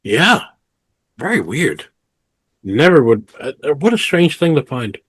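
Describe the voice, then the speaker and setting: A man's voice: fairly high pitch, sing-song, unhurried, a bit bright, husky, no room sound. A man co-hosting a casual podcast, reading out news stories and musing aloud in an easygoing way. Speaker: podcast co-host.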